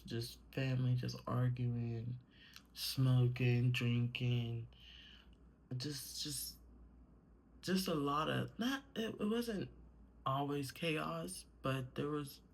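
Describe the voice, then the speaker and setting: A woman's voice: very deep voice, vocal fry, slightly rough. A young adult woman talking casually in a personal vlog, meandering with many fillers and swearing when worked up. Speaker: vlogger.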